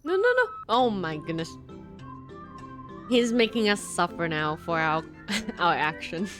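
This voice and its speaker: A woman's voice: fairly low pitch, slow pace, over music. A young woman live streamer giving casual, giggly, chatty commentary while she plays.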